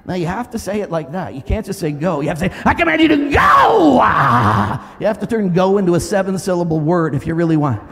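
A middle-aged male pastor preaching a sermon, telling a story with lively energy and breaking into loud commanding shouts. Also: high-pitched, fast talker, hardly any pauses. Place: church sanctuary. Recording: long reverb of a large hall.

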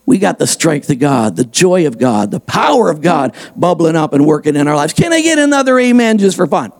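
A male pastor preaching a sermon in a church, emphatic and energetic, repeating his key lines. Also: a little high, a little fast, creaky. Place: church sanctuary, also streamed online.

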